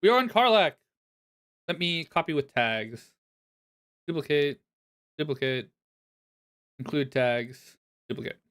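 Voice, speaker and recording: Chatty man with a higher voice. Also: animated, unhurried, pauses often, fairly bright tone. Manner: chatty, laughs often, self-deprecating. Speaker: streamer reviewing viewer decks. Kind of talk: casual live-stream chat.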